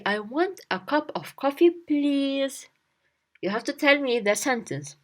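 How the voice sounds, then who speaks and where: A woman teaching a spoken language lesson, encouraging and drilling words again and again with little memory stories. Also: a little high.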